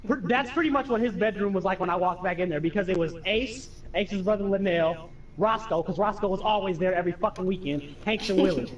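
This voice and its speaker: Far from the mic and with dull audio, a high-voiced young streamer talks fairly quickly over gameplay. His stories are casual, profane, and animated, complete with impressions of his friends and family.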